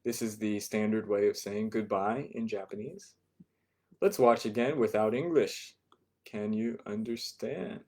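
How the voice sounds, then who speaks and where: Patient man explaining phrases to beginner students, repeating them slowly and checking in with the class. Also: on the low side, a little mellow. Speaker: Japanese language teacher. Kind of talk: online beginner language lesson.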